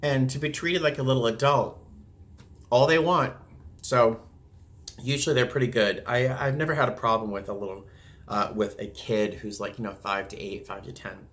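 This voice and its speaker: A man who works as a flight attendant, chatting casually and acting out passengers with sudden jumps in pitch. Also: fairly even intonation, moderate pace, a bit bright. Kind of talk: casual talk to camera.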